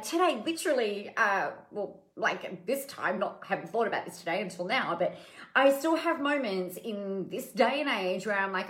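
A woman giving a candid, chatty motivational talk, full of fillers and the odd swear word. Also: a little high. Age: adult with children. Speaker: podcast host and business coach. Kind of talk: casual motivational monologue. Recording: echoey room.

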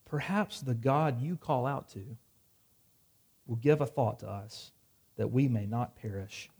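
A man's voice: medium pitch, unhurried, a little mellow, breathy edge. A man preaching a sermon, reading scripture dramatically and dropping wry asides. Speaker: pastor.

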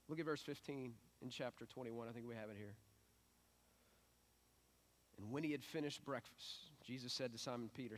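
Speaking in a mid-range voice, this middle-aged pastor preaches conversationally and with animation, working up to emphatic peaks.

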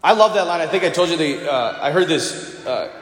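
A man's voice: a little high, animated, a little fast. A man, a priest, giving a conversational sermon and telling stories, now and then acting out the people he quotes. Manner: storytelling homily, conversational, acts out quoted voices. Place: church. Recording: echoey church with long reverb.

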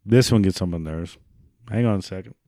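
A man's voice: low-pitched, fairly quick, warm tone, no echo, studio quality. A man ranting in a sarcastic, mocking, profane monologue. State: prone to coughing fits.

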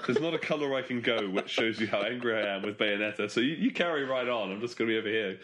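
A man's voice: on the low side, fast talker, a bit bright, a little hiss or hum. A man joining a casual group chat with jokey, teasing interjections.

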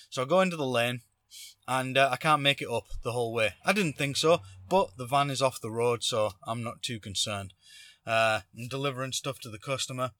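A man's voice: mid-range voice, bright, forceful tone, dry recording, clean studio sound. A man hosting a podcast, telling a story casually and animatedly, acting out quotes. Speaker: podcast host.

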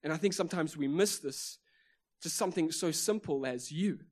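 A man's voice: a little high, normal speed. A South African man with a South African accent preaching a sermon, emphatic, with repeated phrases and rhetorical questions. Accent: South African English. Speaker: pastor.

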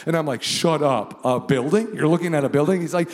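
A male pastor tells a story from the pulpit, lively and animated, slipping into the voices of the people he quotes. His voice sits a little high for a man. The sound carries a long reverb, as in a large church auditorium. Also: a little fast, hardly any pauses. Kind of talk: sermon storytelling.

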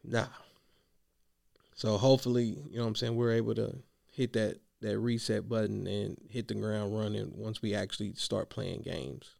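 A man coaching youth basketball, venting in a casual vlog monologue, slangy and animated, worn out from yelling. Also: lowish voice, normal speed, gravelly, dry recording, studio quality.

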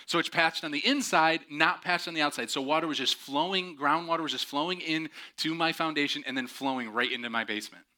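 A man in his thirties preaching a sermon, telling a story in an animated way and mimicking other people's voices. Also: fairly high pitch, brisk, hardly any pauses. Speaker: pastor.

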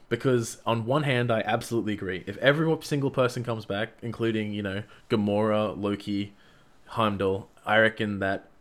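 A man casually recapping a movie plot and giving his opinions, talking in an animated way with frequent fillers and restarts. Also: fairly low pitch. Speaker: film reviewer.

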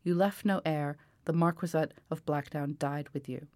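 A woman reading the lines of a gentle, earnest old man who speaks patiently and firmly. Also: low voice, steady tone, moderate pace, no echo, lightly acted. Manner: patient, apologetic, firm.

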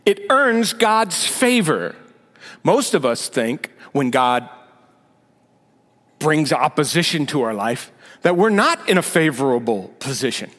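A man's voice: fairly high pitch, big pitch swings, slow, fairly bright tone. A male senior pastor giving a conversational sermon with sarcastic asides, building to emphatic points. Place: church sanctuary. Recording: long reverb of a big hall.

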